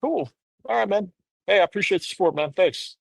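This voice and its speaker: A man's voice: high-pitched, animated, a little fast, vocal fry, no room sound. A man in his thirties, a podcast guest, telling a candid personal story in an earnest, rambling way full of "you know".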